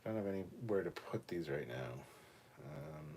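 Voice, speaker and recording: A man co-hosting a relaxed livestream chat from a room at home, reading viewer comments aloud and swearing freely. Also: sits low, moderate pace, slight background noise. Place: home room cluttered with costumes.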